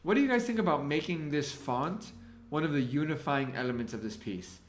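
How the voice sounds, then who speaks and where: A man's voice: on the high side, expressive, brisk, reverberant, slight background noise. A man hosting a casual design livestream, thinking aloud as he works and greeting the people in the chat. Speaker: livestream host and graphic designer.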